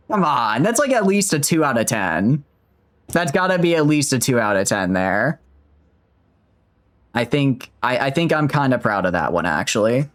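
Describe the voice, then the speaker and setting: A man's voice: medium pitch, sing-song, moderate pace, a bit bright. A man in his twenties chatting casually with viewers while streaming a game, rambling and joking at himself. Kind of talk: casual gaming stream chat.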